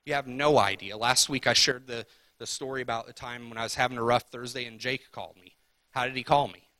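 A man's voice: mid-range voice, steady tone, a little fast, sharp tone, no echo. A man preaching a sermon as pastor, talking conversationally and asking the congregation repeated rhetorical questions.

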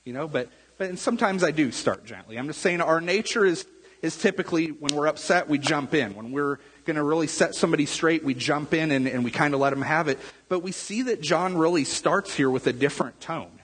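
Husky-voiced pastor preaching in a reverberant hall. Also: male voice, fairly high pitch, brisk, a bit bright. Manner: conversational, repeats words, asks the room "right?". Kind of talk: sermon. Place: church sanctuary.

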